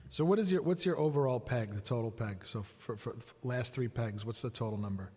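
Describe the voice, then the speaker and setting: A man's voice: mid-range voice, fairly quick, mellow, slightly rough. A man questioning officials at a budget hearing, pointed and pressing. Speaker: council member questioning officials. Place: large council chamber. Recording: long chamber reverb.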